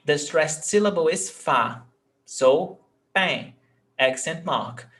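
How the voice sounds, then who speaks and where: A Portuguese teacher whose first language is Portuguese leads a live lesson in English, patiently repeating each word for his students. His voice is a little high and a bit bright, animated yet slow-paced.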